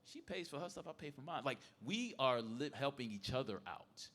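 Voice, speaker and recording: Man, 50s, panel guest, lively storyteller who acts out quotes. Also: mid-range voice, normal speed. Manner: animated, acts out quoted voices. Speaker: podcast panelist. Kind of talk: casual storytelling. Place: live event space.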